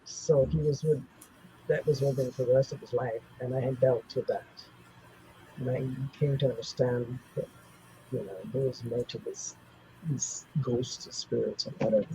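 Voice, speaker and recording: A man's voice: mid-range voice, steady tone, normal speed, warm tone, a little hiss or hum, poor audio. A man in his seventies tells personal stories as an interview guest, rambling with many restarts and fillers. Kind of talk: personal storytelling in a casual interview.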